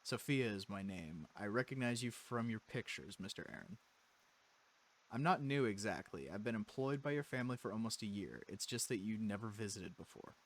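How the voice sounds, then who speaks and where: A man voicing a polite, composed young female house maid, speaking slowly and evenly. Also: fairly low pitch, animated.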